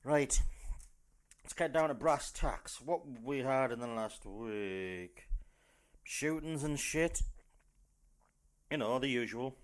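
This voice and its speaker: A man with a North East English accent hosting a loud, sweary, rambling news rant podcast. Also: mid-range voice. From North East England. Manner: loud, sweary, rambling, jumps into silly put-on voices. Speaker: podcast host.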